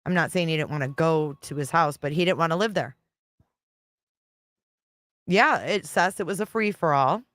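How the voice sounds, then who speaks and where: A woman's voice: low voice, moderate pace, pauses often, fairly bright tone, dry recording. A woman hosting a live stream, chatting casually and reading out viewer comments as she reacts to a clip. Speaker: livestream host reacting to a clip.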